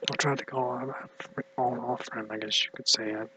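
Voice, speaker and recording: A man rambling through a personal monologue in a tired, mumbly voice, halting and hushed, sometimes dropping to a whisper. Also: medium pitch, fairly even intonation, slight background noise, rough recording. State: exhausted. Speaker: vlogger.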